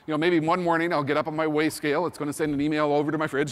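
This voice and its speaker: Man, fifties, keynote speaker, emphatic, energetic, fairly high voice, reverberant hall. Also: racing, hardly any pauses. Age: 50s. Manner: energetic, emphatic, repeats "think about" and "you know". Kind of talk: conference keynote talk.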